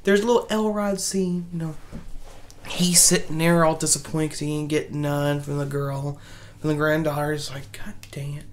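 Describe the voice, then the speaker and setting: A woman with a fairly low voice talks through a horror movie's plot in a loose, chatty way. She restarts her sentences, corrects herself and adds side comments as she goes. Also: little pitch movement, normal speed, a little hiss or hum. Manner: rambling, chatty, many restarts and fillers. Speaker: movie reviewer. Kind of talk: casual spoken movie recap.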